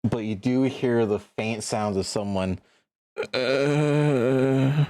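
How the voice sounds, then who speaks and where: A man narrating as game master, halting and relaxed. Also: on the low side, no echo, clean studio sound.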